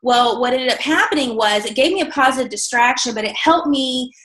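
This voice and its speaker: Middle-aged woman, motivational speaker, chatty and candid, slightly high voice, echoey hall. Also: brisk, a bit bright. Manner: chatty, candid, self-deprecating, many fillers. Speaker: motivational speaker at a sales team event. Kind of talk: conversational motivational talk.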